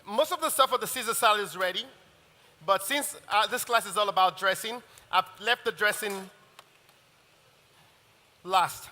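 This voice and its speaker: Male chef, easygoing stop-start demo patter, echoing hall. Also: high voice. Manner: relaxed, halting, explains as he cooks. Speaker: chef teaching a masterclass. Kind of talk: live cooking demonstration. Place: event hall with audience. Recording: long reverb of a large hall.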